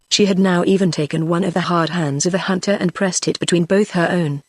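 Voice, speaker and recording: A text-to-speech voice narrating a classic novel with a middling pitch. The sound is dry and close, and the reading stays even and machine-made throughout. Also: no echo. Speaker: audiobook narrator.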